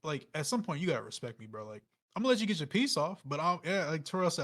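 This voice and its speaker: A man co-hosting a podcast in casual chat, relaxed and full of "like" fillers. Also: a little high, fast. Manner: relaxed, filler-heavy, with frequent "like". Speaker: podcast co-host.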